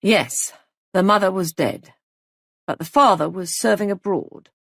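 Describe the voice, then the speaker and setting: A woman voicing a calm male police sergeant who speaks quietly and evenly. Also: medium pitch, no room sound, studio quality. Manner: quiet, measured, smooth.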